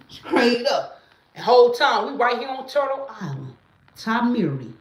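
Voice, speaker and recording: A woman's voice: on the high side, sing-song, unhurried, reverberant. A woman, talking emphatically and profanely in a casual live-stream monologue, repeating her catchphrases. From Mississippi, US. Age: late 30s. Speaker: livestreamer.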